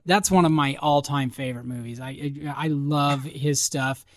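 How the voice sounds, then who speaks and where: A man's voice: on the high side, steady tone, normal speed, no room sound, clean studio sound. A man co-hosting a casual podcast chat about movie news, reading out items with lots of fillers. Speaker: podcast co-host.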